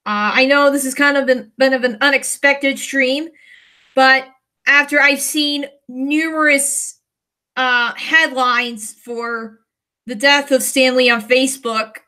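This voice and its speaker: Livestream host, woman from the United States, high and slow, hesitant and emotional, close to tears. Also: bright, forceful tone. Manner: hesitant, many fillers and restarts, emotional. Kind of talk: casual livestream chat.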